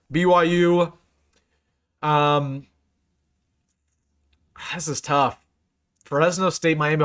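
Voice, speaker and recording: A young man hosting a live sports stream, rattling off bowl game picks in casual, excitable talk and often repeating himself for emphasis. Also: fairly high pitch. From United States. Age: young adult. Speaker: sports channel host.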